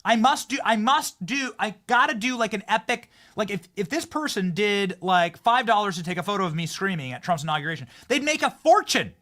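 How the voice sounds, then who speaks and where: A man hosting a political commentary show, talking in a hyped, jokey way, riffing with sudden loud bursts. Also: sits high, expressive, brisk, few pauses. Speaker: show host.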